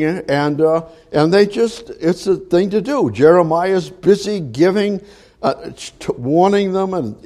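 A man's voice: medium pitch, dark tone. A man preaching a sermon, repeating phrases and building to emphatic rises. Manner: repetitive, emphatic preaching with rising exclamations. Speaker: pastor.

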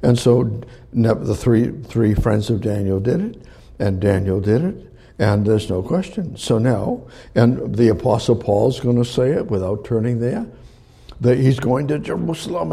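An older man preaching a sermon as pastor, with a gravelly voice, acting out crowd quotes. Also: fairly low pitch, animated, measured pace, dark tone.

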